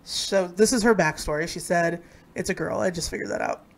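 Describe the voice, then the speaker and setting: A woman's voice: on the low side, a little fast. Giggly young woman co-hosting a stream. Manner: giggly, playful, laughing often. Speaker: live stream co-host. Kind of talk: casual chat.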